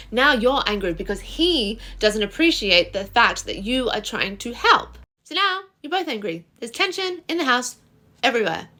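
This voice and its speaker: A woman telling relationship scenarios in a casual vlog, expressive and animated. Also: on the high side. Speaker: relationship vlogger.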